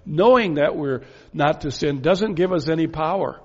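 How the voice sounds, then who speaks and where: A man preaching a sermon, pressing his points with emphatic rhetorical questions and slow, stressed phrases. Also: a little high, animated. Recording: dull lo-fi sound with long reverb in a hall.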